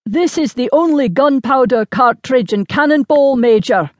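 A woman voicing a gruff male sergeant with a Highland Scots accent, speaking bluntly with a grunt in an audiobook. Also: animated, normal speed, no room sound.

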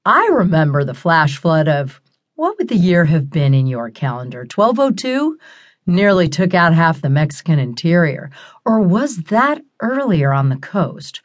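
A woman playing a smug, slow-talking crystal skull. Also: on the low side, sing-song. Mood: smug teasing. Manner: slow, leisurely, sprinkles French words.

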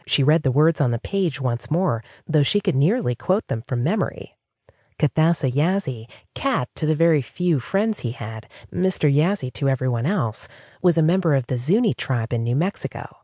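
Low, husky woman narrating a romance. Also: expressive, moderate pace, mellow, no room sound, clean studio sound. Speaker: audiobook narrator.

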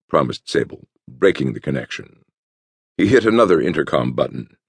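Brief: gravelly narrator with lively, rolling delivery, dry close-miked studio read. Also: male voice, extremely low pitch, normal speed, no room sound. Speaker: audiobook narrator. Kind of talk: scripted narration.

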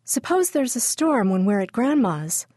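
A spirited seven-year-old girl in a children's storybook, her voice raised high and young, proud yet fretful about the weather, as a woman narrator puts her on. The sound is dry and close. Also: very animated, normal speed, mellow, no echo. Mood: childlike. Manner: eager, high childlike delivery.

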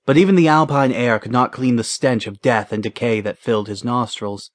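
Male fantasy audiobook narrator, even and measured delivery, medium pitch, dry booth. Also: no room sound.

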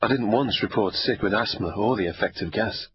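A man's voice: fairly low pitch, fairly quick, lo-fi sound, lightly acted. A man doing a dry, guarded young officer. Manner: curt, dry and understated.

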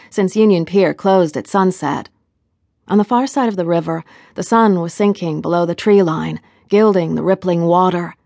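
A woman's voice: fairly low pitch, darkish tone, dry recording. Dry, wry woman narrating a novel. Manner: wry, conversational. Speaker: audiobook narrator. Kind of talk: scripted first-person narration. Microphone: close studio mic.

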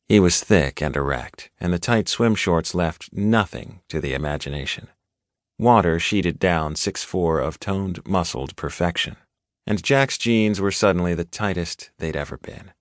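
Deep-voiced male audiobook narrator. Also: a little slow, dry recording, clean studio sound. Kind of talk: scripted narration.

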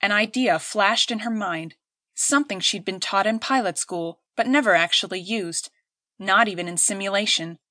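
A woman narrating an audiobook in a steady, clear storytelling voice. Her pitch sits in the middle of the range. She is recorded on a close studio mic with a dry, dead sound. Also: normal speed, no room sound. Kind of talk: scripted narration.

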